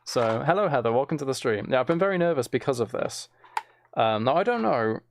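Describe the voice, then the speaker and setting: A man's voice: mid-range voice, big pitch swings, a little fast, slight background noise. A man chatting casually on a live stream, reading out viewers' messages and hesitating often.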